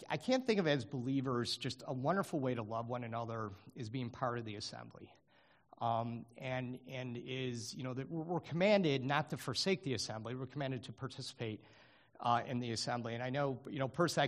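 A middle-aged man giving an informal sermon to his congregation, earnest and halting, with many fillers and restarts. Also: medium pitch. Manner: earnest, grows animated. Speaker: lay preacher.

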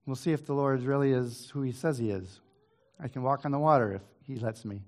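A man's voice: medium pitch, fairly quick. Man musing through a Bible reading. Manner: reads scripture aloud then muses conversationally with asides; hesitant restarts and throat clearing. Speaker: Bible teacher. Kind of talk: informal Bible study talk.

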